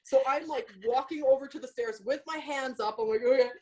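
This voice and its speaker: A woman co-hosting a podcast, telling a story in a casual, profane, animated way and quoting herself. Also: high voice, brisk. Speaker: podcast co-host.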